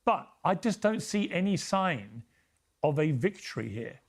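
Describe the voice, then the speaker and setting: A man giving measured political commentary as a news panel guest, building a steady, serious argument. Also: sits high. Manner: deliberate, grave, steady argument.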